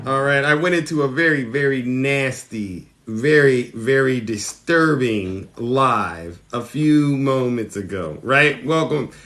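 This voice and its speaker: A man hosting a satirical live stream, talking in a mock-earnest, animated way that rises excitedly as he retells stories. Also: mid-range voice, takes it slowly, hardly any pauses, a little hiss or hum.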